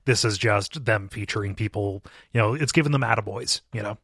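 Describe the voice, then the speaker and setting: A man's voice: lowish voice, brisk, gravelly, fairly bright tone, no echo, studio quality. A man co-hosting a podcast in casual chat, laughing often and restarting his sentences. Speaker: podcast co-host.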